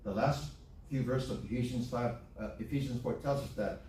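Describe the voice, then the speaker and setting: In a church sanctuary, a Hawaiian preacher delivers a sermon at a moderate pace in a mid-range, slightly mellow voice. He speaks in a folksy way and repeats phrases to drive points home. The audio has slight background noise and comes from a distance in an echoey hall.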